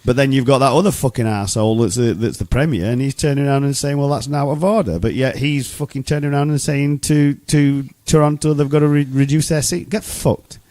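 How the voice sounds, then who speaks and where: A man's voice: medium pitch, steady tone, a little fast, hardly any pauses, darkish tone, no room sound. A man co-hosting a casual podcast, ranting in a heated, profane way and circling back over his points. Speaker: podcast co-host. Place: Oshawa, Canada.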